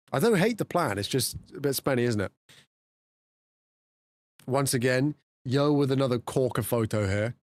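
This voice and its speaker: Lively man chatting on stream. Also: measured pace, long pauses, no echo. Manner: chatty, laughing, swings between low mutters and high exclamations. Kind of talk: casual live-stream chat.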